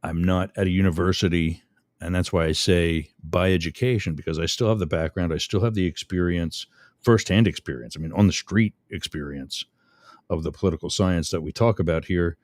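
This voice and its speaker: A man's voice: deep voice, fairly quick, a little mellow, no room sound. A middle-aged man hosting a radio talk show, rambling and chatty, often interrupting himself with fillers.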